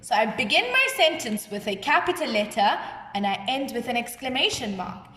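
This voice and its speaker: A woman teaching a kindergarten lesson, speaking slowly and acting out example sentences with big feeling. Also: a little high, big pitch swings, sharp tone, echoey room, long reverb tail, a little hiss or hum. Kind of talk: recorded classroom lesson for young children.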